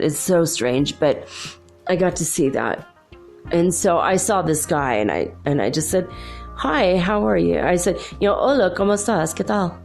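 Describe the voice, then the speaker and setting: A woman and mother hosts her own talk show, telling personal stories in a loose, rambling way. Her voice sits low and has a gravelly edge, and she laughs often between thoughts. Faint music plays quietly behind her. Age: adult with children. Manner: rambling, chatty, laughs often, many "like"s and restarts. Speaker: host. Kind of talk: casual personal storytelling.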